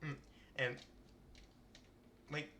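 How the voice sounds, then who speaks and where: Bright-voiced man reading a visual novel. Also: extremely slow, a little hiss or hum. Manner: chatty, rambling, laughs often. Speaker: streamer.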